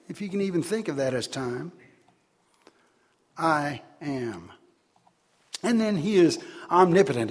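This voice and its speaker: A man preaching a sermon, swinging between loud, emphatic declarations and quiet asides. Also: on the high side.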